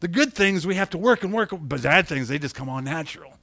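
A middle-aged man preaching a sermon, animated, acting out quotes and asking his congregation questions. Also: a little high, fairly quick, gravelly, no echo. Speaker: pastor.

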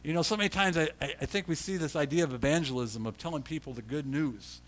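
A man preaching a sermon as a pastor. He swings from quiet storytelling to loud emphasis and often repeats words when he restarts. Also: a little high, fast talker.

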